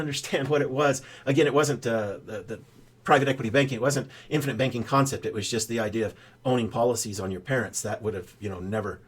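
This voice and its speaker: An older man, a financial adviser, explaining in a folksy, rambling way with many ums and uhs. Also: mid-range voice. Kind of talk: casual explainer talk.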